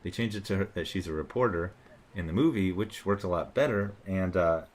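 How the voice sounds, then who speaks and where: Low-voiced sarcastic male commentator. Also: fairly quick, darkish tone. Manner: sarcastic and rambling, with frequent fillers. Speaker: commentator reacting to online posts. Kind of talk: casual commentary monologue.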